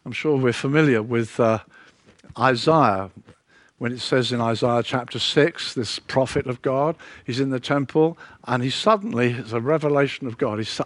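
A man's voice: a little high, moderate pace, no echo. Earnest male preacher, dry close sound. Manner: earnest, rises and drops for emphasis, repeats words. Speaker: pastor. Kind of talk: sermon.

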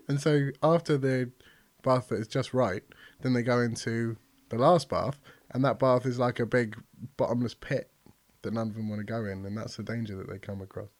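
A man's voice: mid-range voice, moderate pace, dry recording. A man on a comedy podcast, improvising a rambling joke and often giggling.

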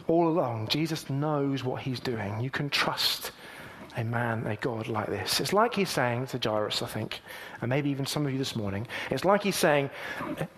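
A man preaching a sermon earnestly, moving between emphatic lines and hushed, near-whispered ones. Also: fairly high pitch.

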